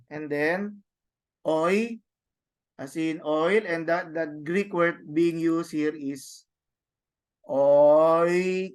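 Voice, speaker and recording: Male teacher from the Philippines, deliberate halting delivery with frequent restarts, leading a class. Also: high voice. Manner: halting, with many restarts and tag questions. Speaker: Greek teacher. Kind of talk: online class lecture.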